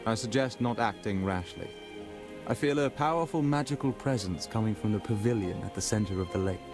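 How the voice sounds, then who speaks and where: A man voicing a calm, cautious male mage companion in a video game, speaking in a measured, advising way. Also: on the low side, music in the background, close to an everyday voice.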